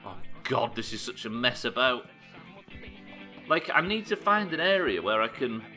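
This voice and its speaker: This young streamer's medium-pitched voice is sharp and very animated, at a normal speed, over faint background music. Playing through tasks live, he talks to chat, curses freely and erupts in frustration.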